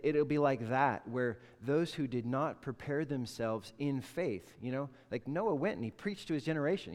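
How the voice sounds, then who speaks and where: Conversational pastor in a reverberant hall. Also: male voice, mid-range voice. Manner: conversational, animated storytelling. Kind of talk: sermon.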